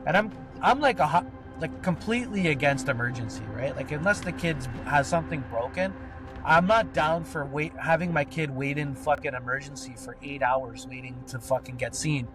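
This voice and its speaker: A man's voice: on the high side, normal speed, over music. A man telling a personal story on a podcast, rambling and swearing, with lots of filler words. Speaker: podcast co-host. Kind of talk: casual storytelling.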